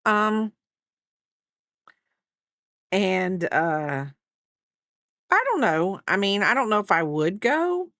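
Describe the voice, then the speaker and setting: Speaking extremely slowly and pausing often, this woman has a medium-pitched, sing-song, slightly bright voice. She's a middle-aged American livestreamer from the United States who crochets and rambles chattily, answering viewers between stitches. The clean studio sound carries no echo.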